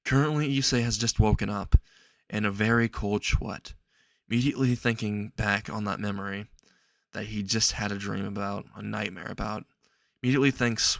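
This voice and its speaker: A man narrates a homemade fan-fiction story off the cuff, halting and repeating himself with frequent restarts. His voice sits low, and the recording is dry and close. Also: fairly even intonation, gravelly, a bit bright, no room sound.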